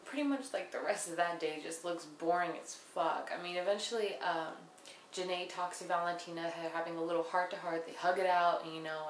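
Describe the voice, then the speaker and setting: A young woman giving a casual, blunt and sarcastic recap of a reality show episode, swearing freely. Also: fairly low pitch. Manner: profane, blunt, sarcastic, mimics people she quotes. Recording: roomy with faint background noise.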